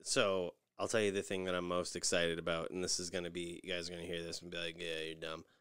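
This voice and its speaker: A man co-hosting a casual podcast, telling stories with lively mimicry of other people's voices. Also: low-pitched, quick pace, clear, resonant tone, dry recording, studio quality. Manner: animated storyteller, mimics voices in anecdotes. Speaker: podcast co-host. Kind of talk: casual chat.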